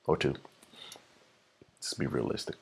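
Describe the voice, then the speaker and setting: A man's voice: a little slow, a little hiss or hum. A man hosting a casual podcast chat, playfully defensive and breaking into laughter often. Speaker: podcast host.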